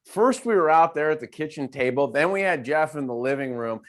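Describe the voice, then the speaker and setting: Animated man, guest speaker, talking fast. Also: a little high. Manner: animated, repeats words and restarts, acts out quotes. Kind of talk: casual conversational interview.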